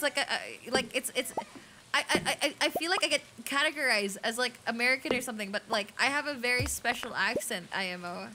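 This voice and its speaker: A young woman streamer with a light Filipino accent and a fairly high voice, chatting loosely and reading chat aloud. She swears freely, and steady rain noise runs behind her. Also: brisk. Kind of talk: casual game stream chat.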